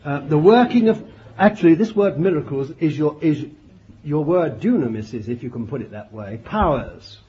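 Older male preacher, high-pitched voice, fervent, murmured asides, dull lo-fi archive recording. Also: lively intonation, normal speed. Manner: fervent, swings from loud declarations to low murmured asides; exclaims hallelujah and glory between points. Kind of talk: sermon.

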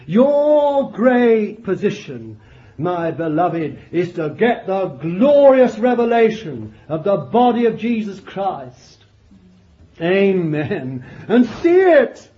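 Fervent older preacher, high for a man. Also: big pitch swings, slow pace. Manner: fervent, swings from loud declarations to low murmured asides; exclaims hallelujah and glory between points. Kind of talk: sermon. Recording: dull lo-fi archive recording.

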